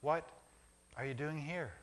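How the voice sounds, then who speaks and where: A man voicing a gentle, kind horse whisperer in a whispered role-play, hushed and soothing, asking the same question over and over. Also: on the high side, big-room sound, close to an everyday voice. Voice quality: soft, hushed. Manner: slow, soothing, repeated questions.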